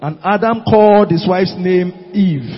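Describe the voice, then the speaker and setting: Man reading scripture, husky voice, steady measured delivery, long hall reverb, dull lo-fi sound. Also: high voice. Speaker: scripture reader in church. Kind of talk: reading scripture aloud in a sermon.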